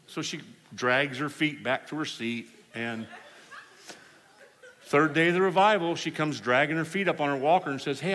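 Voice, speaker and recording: A man preaching at a healing service, telling stories in an animated way and laughing along with the congregation. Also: a little high. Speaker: evangelist. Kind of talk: storytelling sermon. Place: church service. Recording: hall reverb, faint room noise.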